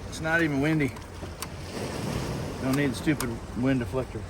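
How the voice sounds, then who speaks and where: This trail vlogger talks at a moderate pace in a medium-pitched voice with fairly even intonation, and background noise can be heard. He rambles chattily to his camera while walking a coastal hiking path.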